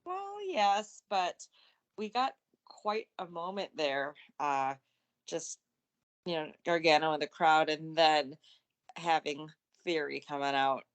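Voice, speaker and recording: A woman co-hosting a casual wrestling podcast, easygoing and quick to laugh. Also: low voice, animated. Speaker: podcast co-host.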